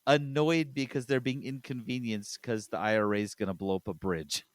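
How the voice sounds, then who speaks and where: A man's voice: mid-range voice, fairly even intonation, normal speed, no echo, studio quality. A man hosting a podcast in casual chat, chatty and laughing as he retells scenes. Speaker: podcast host.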